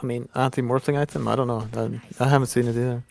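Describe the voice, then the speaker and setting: A man's voice: medium pitch, flat delivery, fast talker, vocal fry, a little mellow. A man joining a stream for casual, teasing banter.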